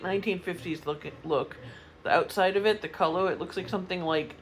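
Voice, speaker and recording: A vlogger chatting casually on camera at home in a kitchen, excitable and full of fillers, sometimes eating while talking. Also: medium pitch, brisk, background noise. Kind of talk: casual chat and on-camera food tasting.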